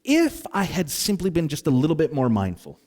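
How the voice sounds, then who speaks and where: Animated man preaching a story-driven sermon. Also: fairly high pitch, brisk. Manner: animated storyteller, acts out exasperated sighs and asides. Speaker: pastor.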